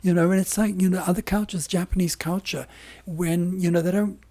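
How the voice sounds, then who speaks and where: A man talking as a podcast guest in casual interview talk, hoarse and losing his voice, rambling with emphatic restarts. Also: sits high, steady tone, fairly quick, mellow.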